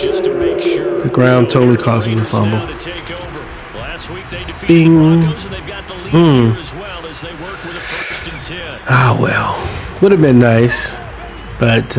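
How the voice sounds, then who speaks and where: Man host, slow easygoing gamer commentary, loud game crowd under him. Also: mid-range voice. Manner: relaxed, chatty, self-mocking with sudden excited outbursts. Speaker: podcast host playing a football video game. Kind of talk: casual play-by-play commentary while gaming. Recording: game crowd noise behind the voice. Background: stadium crowd sound from the game.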